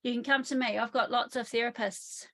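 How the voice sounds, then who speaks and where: High-voiced woman telling stories. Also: fairly quick. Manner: lively storytelling, often acts out quotes. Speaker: trauma therapist. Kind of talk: online summit interview. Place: home in the countryside.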